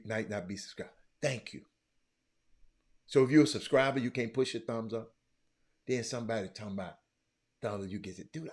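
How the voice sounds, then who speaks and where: A man hosting a livestream, stammering and repeating himself, muttering low one moment and shouting the next. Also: breathy edge. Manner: repetitive, stammering, talks straight to viewers; swings from quiet muttering to loud shouting. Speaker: livestream host. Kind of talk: casual livestream chat.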